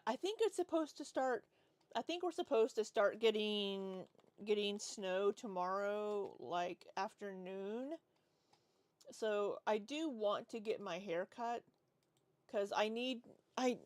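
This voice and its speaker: Reading messages from chat and responding in a rambling, casual way, a woman in her 40s hosts a livestream. She speaks at a medium pitch, and there's no echo.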